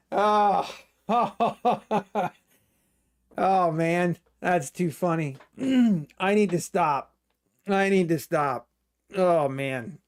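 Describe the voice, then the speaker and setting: A man hosting a live day trading stream, chatting with viewers, laughing a lot and joking in mock panic about market drops. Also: high voice. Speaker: day trading livestream host.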